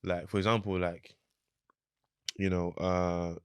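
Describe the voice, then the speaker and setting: A man's voice: deep voice, flat delivery, slow, smooth, no echo, studio quality. A young man co-hosting a podcast, rambling and searching for his words. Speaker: podcast co-host. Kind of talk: casual podcast conversation.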